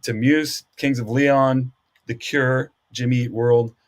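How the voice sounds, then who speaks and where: A man, a guest musician, chatting casually in a halting way full of small restarts. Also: medium pitch, steady tone. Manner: chatty, halting, with fillers and laughs. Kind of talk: casual chat.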